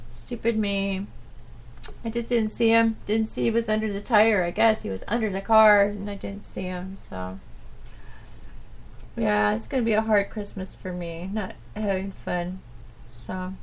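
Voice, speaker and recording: A woman hosting her own internet radio show, talking in a halting, rambling, subdued way with nervous little laughs. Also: medium pitch, creaky. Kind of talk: casual rambling monologue.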